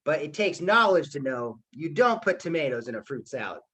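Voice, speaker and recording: A man's voice: on the high side, very animated, a little fast, pushed and bright, husky, pitched below the performer's own voice, heavily acted. A man voicing a dry, know-it-all talking orange in a made-up storybook fable.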